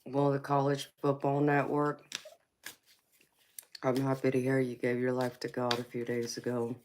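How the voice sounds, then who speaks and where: A woman's voice: very deep voice, completely flat delivery, normal speed, darkish tone, a little hiss or hum. A woman with a Southern Georgia accent hosting a live chat, answering viewers affectionately with sweetheart and honey while getting over a cold. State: fighting a cold. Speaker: tarot livestream host. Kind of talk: casual live chat reading comments.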